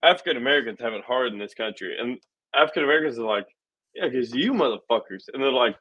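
A man on a podcast, talking animatedly and with lots of swearing, mocking others in quick asides. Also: medium pitch, dull audio. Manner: animated, profane, mocking voices in quotes. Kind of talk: casual podcast chat.

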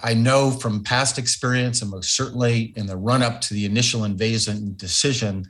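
A man's voice: mid-range voice, steady tone, normal speed, a bit bright. A middle-aged man, a former ambassador, answering radio interview questions in a thoughtful, emphatic way. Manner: thoughtful, emphatic, with fillers and restarts.

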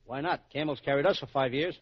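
A man's voice: a little high, fast, very noisy. A man playing the childlike, giggly wisecracking comic in a 1940s radio comedy duo, on a dull old broadcast recording.

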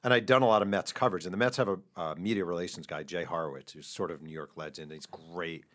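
Fast-talking deep-voiced man telling stories. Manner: animated storyteller, laughs while telling anecdotes. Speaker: author guest. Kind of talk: casual storytelling interview.

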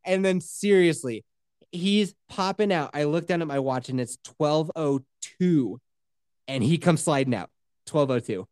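A man's voice: a little high, a little slow, a little mellow, no echo, studio quality. A man telling a story in casual chat, swearing freely and acting out the quotes.

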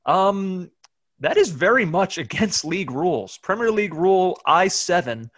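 A man's voice: high voice, sing-song, a bit bright, no room sound. Dry-voiced man recapping sports news. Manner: newsy recap, stumbling restarts, quick laughs. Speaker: podcast co-host. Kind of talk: casual sports chat.

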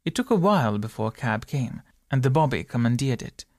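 Gravelly male audiobook narrator. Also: medium pitch, no echo, clean studio sound. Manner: steady, measured storytelling.

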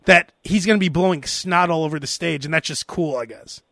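A man hosting a casual comedy talk show, telling stories in an animated way and breaking into loud impressions. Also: fairly high pitch, fairly quick, no echo, studio quality. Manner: animated storyteller, barks out impressions. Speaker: podcast host.

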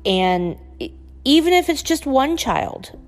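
A woman's voice: sits high, very animated, slow. A woman hosting a solo podcast, ranting and pleading with listeners in an impassioned, swearing manner. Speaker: podcast host. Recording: long reverb with faint music behind.

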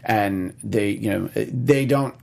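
A man's voice: lowish voice, takes it slowly, gravelly, a little mellow. A man discussing an old film in casual conversation, rambling with many fillers and restarts.

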